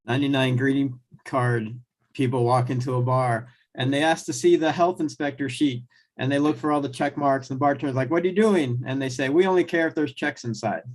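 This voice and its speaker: A man's voice: medium pitch, steady tone, fairly quick, darkish tone, rough recording. Matter-of-fact man telling a joke. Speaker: improv player. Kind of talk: telling quick jokes.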